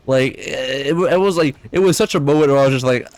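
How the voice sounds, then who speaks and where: A man's voice: fairly high pitch, fast, hardly any pauses, dry recording. A young man chatting casually while streaming a game, rambling and sarcastic, often stumbling and repeating words. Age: young adult. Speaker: gaming streamer.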